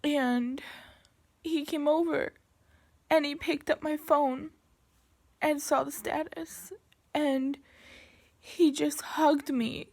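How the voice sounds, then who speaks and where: A young woman with a high, gravelly voice speaks slowly, telling a painful personal story straight to camera. She pauses often and restarts her sentences, her delivery halting and heavy with emotion. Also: steady tone, darkish tone.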